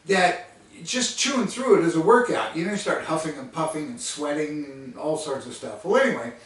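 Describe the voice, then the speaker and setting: A man's voice: on the high side, expressive, moderate pace. Chuckling man telling a tale in an echoey room. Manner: chuckling, rambling and self-mocking. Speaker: storyteller. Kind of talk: casual storytelling vlog. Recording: distant mic in a very echoey room.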